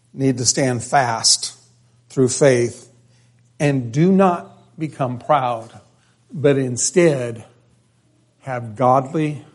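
A man's voice: mid-range voice, a little mellow. A man preaching an expository sermon, reading scripture aloud and then stressing and repeating key phrases, thinking aloud with restarts and asides.

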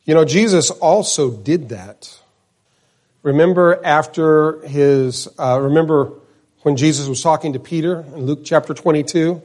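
Male preacher, fifties, earnest and chatty, slightly high voice, church sermon. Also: a little slow, a little mellow. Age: 50s. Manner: earnest, conversational, repeats names for emphasis. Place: church, in front of the pulpit.

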